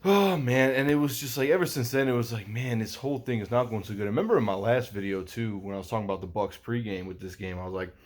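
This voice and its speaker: A man's voice: medium pitch, fast talker, few pauses. A young man recapping a football game in a rambling, casual vlog, swearing a lot and using many fillers. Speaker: sports vlogger.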